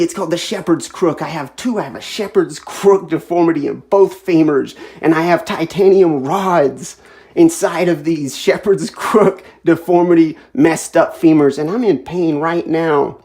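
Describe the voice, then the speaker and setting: A woman in her twenties in an emotional direct-to-camera monologue, tearful, intense and repetitive, swinging between quiet and loud. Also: sits low. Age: 20s. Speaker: vlogger.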